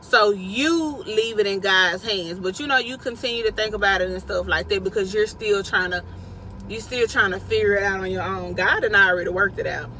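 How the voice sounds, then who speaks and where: A woman vlogger giving a casual, inspirational faith talk, repeating lines slowly for emphasis in slangy, everyday phrasing. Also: medium pitch, sharp tone, a little hiss or hum, poor audio. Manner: slow, repetitive, preacherly emphasis.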